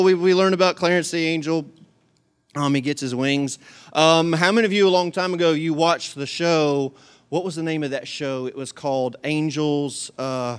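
A man preaching a sermon to his congregation in a folksy, joking, animated way. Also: on the high side, smooth. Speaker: pastor.

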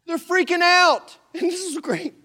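Animated high-voiced pastor preaching. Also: male voice, measured pace. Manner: animated storytelling, acting out voices and shouting. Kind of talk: sermon.

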